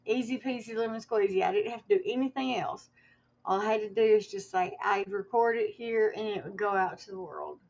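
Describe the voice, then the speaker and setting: A woman's voice: medium pitch, a little fast, muffled recording. A woman livestreaming to her viewers in a casual, rambling way, with many fillers and restarts and some emotion.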